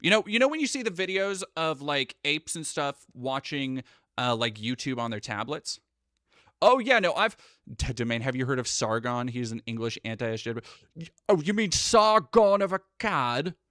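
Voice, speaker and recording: A man's voice: medium pitch, expressive, normal speed, pushed and bright, no room sound, studio quality. A man live streaming, rambling through sarcastic casual commentary with lots of restarts.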